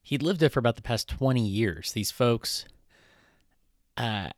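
A man's voice: medium pitch, animated, unhurried, dry recording, studio quality. A man preaching a conversational sermon in a casual, irreverent way. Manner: casual, irreverent, with frequent fillers and restarts. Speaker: pastor.

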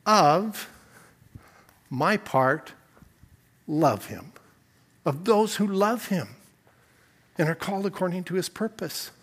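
A man preaching a sermon as pastor, dropping to quiet reflection and then rising to emphatic, repeated phrases. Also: high-pitched, expressive, takes it slowly, long pauses, husky.

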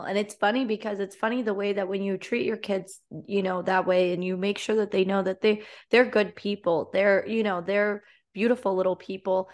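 Chatty woman podcast host. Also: medium pitch. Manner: chatty, tells personal stories with frequent fillers. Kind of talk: casual conversational interview.

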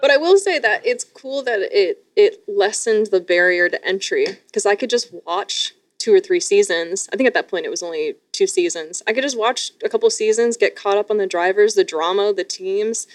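A woman's voice: mid-range voice, moderate pace, few pauses, no room sound. A young woman from Canada, a streamer guest, talking enthusiastically in casual podcast chat with lots of restarts. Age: young adult. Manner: enthusiastic, gushing with many restarts.

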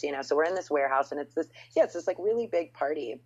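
Low husky woman telling stories. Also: racing, hardly any pauses, highs cut off. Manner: storytelling, animated quotes, frequent "like". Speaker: podcast guest, musician. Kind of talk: casual chat.

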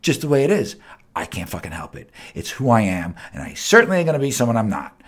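A man hosting his own podcast, ranting heatedly with lots of swearing, jumping between loud outbursts and low mutters. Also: big pitch swings, fast. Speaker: podcast host. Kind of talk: unscripted solo rant.

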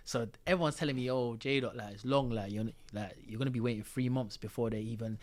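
A man's voice: medium pitch, quick pace. A man, a podcast guest telling a story in casual, slang-heavy chat and acting out the quotes.

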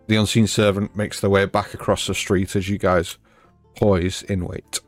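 A man with a fairly low voice runs a live tabletop session, describing scenes at an easy pace and turning to the players to ask what they do. The sound is dry and close, with a faint bed of music underneath. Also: flat delivery, moderate pace, no room sound. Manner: easygoing, descriptive, prompting players. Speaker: dungeon master. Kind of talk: narrating a live-play tabletop game.

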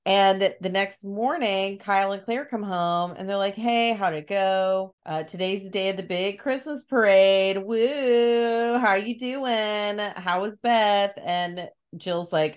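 A woman's voice: medium pitch, slow pace, hardly any pauses, clear, resonant tone. A woman co-hosting a casual podcast chat, retelling a book's plot with acted-out lines and frequent laughter. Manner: animated storyteller, acts out characters' lines, laughs often. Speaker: podcast co-host recapping a book.

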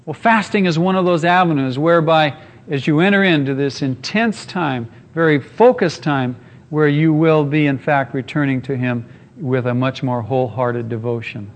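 A man's voice: a little high, moderate pace. A man preaching a sermon as pastor, in an earnest, emphatic way with repeated phrases.

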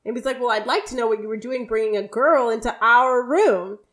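A young woman co-hosting a podcast, retelling a sitcom episode scene by scene in a casual, animated way. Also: a little high. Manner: animated retelling, quick quoted dialogue. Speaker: podcast co-host. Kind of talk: casual recap chat.

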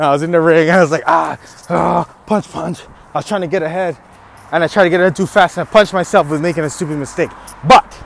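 A man hosting a podcast, delivering a riled-up, trash-talking motivational rant with bursts of laughter. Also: sits high. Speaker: podcast host.

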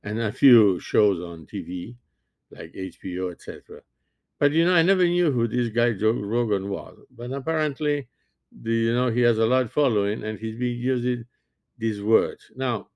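A man in his sixties, a physician, giving a halting, earnest opinion monologue and often restarting his sentences. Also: lowish voice, a little mellow, dry recording. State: sleepy, yawning. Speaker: physician commentator.

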